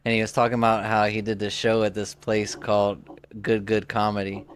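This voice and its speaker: A man's voice: lowish voice, monotone, a little fast, slight background noise. A man in his twenties, a podcast co-host, telling a story in a rambling casual way with lots of "like" and restarts. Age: 20s. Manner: rambling, heavy use of "like", frequent restarts.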